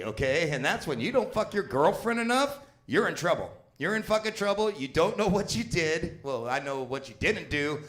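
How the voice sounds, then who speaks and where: A man's voice: on the high side, fairly bright tone. A man in his fifties doing a stand-up comedy set, crude and rambling, swearing constantly and laughing at his own jokes. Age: 50s. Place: small comedy venue with live audience.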